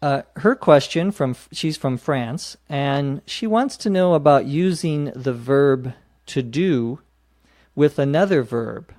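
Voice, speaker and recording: Slow, patient man teaching English. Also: a little high, expressive, darkish tone, no echo, studio quality. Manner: patient, spells words out letter by letter. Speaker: podcast host teaching English.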